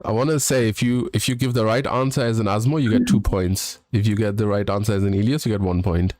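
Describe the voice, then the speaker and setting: A man hosting a casual game quiz on a live stream, brisk and laughing between questions. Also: on the low side, fairly even intonation, a little mellow.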